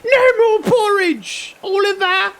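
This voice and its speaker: A man voicing a shouting nineteenth-century orphanage keeper woman with a put-on Cockney accent. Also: slow, exaggerated voice. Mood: scolding. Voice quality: shrill, shouting.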